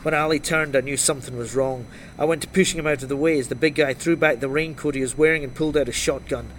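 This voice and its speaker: A man reading a first-person crime novel aloud in a dry, wry, steady storytelling voice. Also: on the high side, fast talker, a little hiss or hum. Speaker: audiobook narrator.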